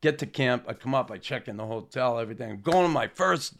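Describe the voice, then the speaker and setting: A man, a former hockey player telling an animated anecdote and acting out quotes. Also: medium pitch, fast talker, vocal fry. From Boston area. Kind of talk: anecdotal storytelling.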